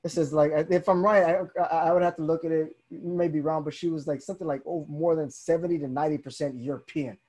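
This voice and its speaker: A man's voice: on the high side, fast talker, few pauses. A young man in casual conversation as a podcast host, telling stories animatedly and acting out the people he quotes. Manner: animated storyteller, acts out quoted voices.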